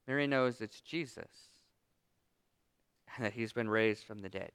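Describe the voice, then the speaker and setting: A man's voice: fairly low pitch, a little slow, a bit bright, clean tone. A man preaching a sermon as pastor, reading scripture aloud and then retelling it with emphatic, driving delivery.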